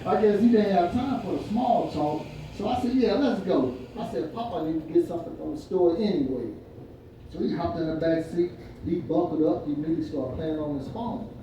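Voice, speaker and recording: A man's voice: a little high, normal speed, dark tone, slight background noise. An older man doing stand-up, telling folksy stories and laughing at his own punchlines. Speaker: stand-up comedian. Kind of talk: stand-up storytelling. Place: winery event room with live audience. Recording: echoey room from far off, crowd laughter.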